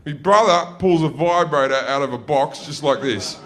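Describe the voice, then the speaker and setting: A man's voice: fairly high pitch, moderate pace, noisy background. A man telling rambling, profane stand-up stories, often correcting himself mid-sentence. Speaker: stand-up comedian. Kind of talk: stand-up comedy storytelling.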